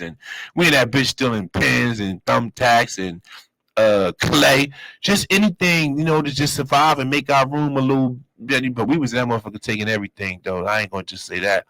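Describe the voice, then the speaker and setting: Animated man telling a story, dry sound. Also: medium pitch, no room sound, low-quality recording. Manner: animated, acts out other people's voices, profane slang. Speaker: storyteller host. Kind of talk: casual storytelling.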